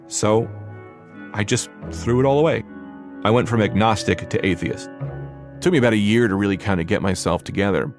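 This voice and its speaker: A young man from New Jersey tells a personal story in a candid, rambling way, full of fillers, and he acts out what people said. His voice sits low with a gravelly edge. A clear music bed plays under him. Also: fairly quick. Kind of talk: personal story told to a podcast.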